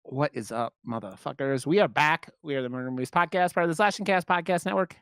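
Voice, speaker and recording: A man's voice: a little high, fast, fairly bright tone, clean tone, no room sound, studio quality. A man hosting a podcast in casual chat, loose and profane in his banter. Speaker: podcast host.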